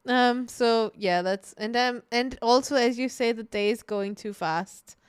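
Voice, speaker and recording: A woman's voice: fairly high pitch, a little slow, clean tone, dry recording, studio quality. A woman co-hosting a podcast in casual chat, laughing often and swearing casually. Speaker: podcast co-host. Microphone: streaming mic.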